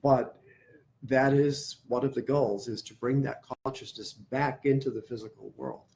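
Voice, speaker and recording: A man teaching meditation in a class, speaking deliberately and repeating words while he searches for the next one. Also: mid-range voice, fairly even intonation, gravelly, a little mellow. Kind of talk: class lecture.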